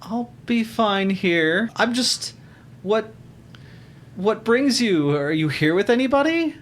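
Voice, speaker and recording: A man's voice: sits high, animated, slow pace, pitched above the performer's own voice. A man voicing a curious young woman adventurer who asks probing questions with hesitant restarts.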